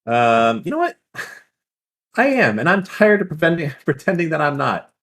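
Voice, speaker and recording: A man's voice: a little high, very animated, unhurried, fairly bright tone. A young man co-hosting a call-in dating show, casual, crude and joking, swearing often. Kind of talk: casual streaming chat.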